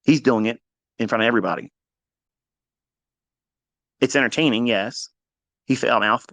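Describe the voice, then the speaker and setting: A man's voice: medium pitch, moderate pace, a bit bright, no room sound. A man coaching traders in a blunt, profane motivational monologue. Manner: profane, emphatic, preachy. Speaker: trading coach.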